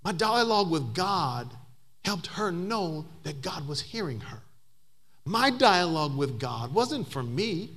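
A man's voice: sits high, bright, forceful tone. A man preaching a sermon as pastor, telling a story and building to emphatic, climbing passages.

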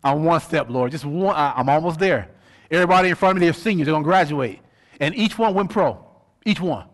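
A middle-aged pastor preaches a sermon with animated stories and rhetorical questions. His voice is on the high side and brisk.

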